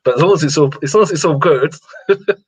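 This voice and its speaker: A man's voice: fairly high pitch, quick pace, husky. A man, a guest watercolourist, talking earnestly and repeating himself to encourage others in a casual interview. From England. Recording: lo-fi sound.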